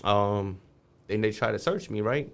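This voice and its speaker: A man's voice: lowish voice, measured pace, vocal fry. A man guest on a podcast, telling a street story casually, swearing freely and acting out the voices of the people in it.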